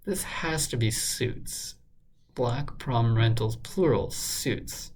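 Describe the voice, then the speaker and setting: A man solving a crossword out loud, muttering guesses and filling pauses with lots of ums and uhs. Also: medium pitch, animated, husky. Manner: muttering, hesitant, many fillers. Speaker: crossword solver. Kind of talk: thinking aloud while solving a puzzle.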